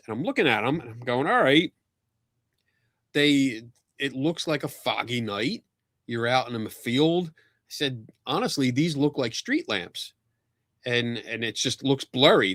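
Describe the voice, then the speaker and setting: Man hosting a podcast, animated storyteller, laughs a lot, dry close desk mic, mid pitch. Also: no room sound. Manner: animated storyteller, laughs often, acts out quotes. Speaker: podcast host. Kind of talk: casual anecdote on a video podcast.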